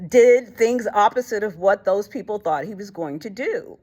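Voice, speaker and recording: A woman's voice: mid-range voice, animated, moderate pace, mellow. Woman host, casual faith talk, colloquial and blunt, retells stories with acted quotes, frequent fillers.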